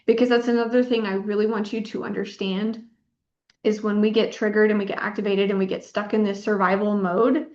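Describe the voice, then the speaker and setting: A woman's voice: medium pitch, flat delivery, fairly quick, a little mellow. A woman in her thirties giving a workshop as a pelvic health physical therapist, encouraging and repeating words for emphasis. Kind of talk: workshop presentation. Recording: echoey room, dull lo-fi sound.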